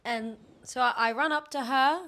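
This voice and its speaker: A young woman co-hosting a podcast, telling stories in a lively, animated way and laughing often. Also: sits high, normal speed. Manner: animated storytelling, laughs a lot. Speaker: podcast co-host. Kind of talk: casual chat.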